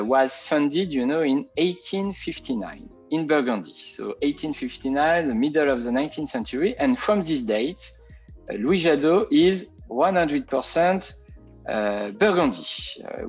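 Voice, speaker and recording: A man's voice: medium pitch, darkish tone, husky, muffled recording. A man with a French accent, a native French speaker, presenting as a winemaker over a video call, hesitant and full of fillers and French interjections. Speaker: winemaker guest.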